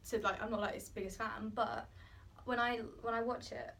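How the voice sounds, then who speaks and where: Chatty young woman, higher voice, distant. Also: steady tone, normal speed, creaky, a bit bright. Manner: chatty, articulate, many "like"s. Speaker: drama student. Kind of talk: casual group discussion.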